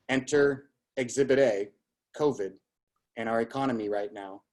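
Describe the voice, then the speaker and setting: A man's voice: mid-range voice, normal speed, darkish tone. A man speaking as a guest business coach, giving an emphatic motivational talk with a repetitive, storytelling manner.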